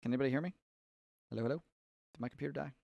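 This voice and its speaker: A man's voice: mid-range voice, rapid-fire, vocal fry, dry recording, muffled recording. A man from Tennessee, hosting a casual live stream about mixing and rambling loosely while he fixes his setup. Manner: rambling, distracted while fixing his setup, frequent fillers.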